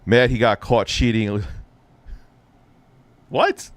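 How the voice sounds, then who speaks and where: A man's voice: medium pitch, slow, no echo. A man hosting a live stream, ranting with heavy profanity and biting sarcasm. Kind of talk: heated live-stream rant.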